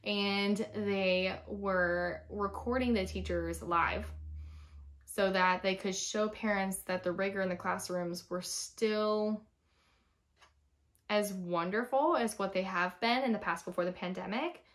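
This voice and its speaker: A woman's voice: mid-range voice, fairly even intonation, slow pace. Candid woman in her thirties vlogging. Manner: candid, chatty storytelling; frank and emotional. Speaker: former teacher, vlogger. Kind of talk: personal vlog.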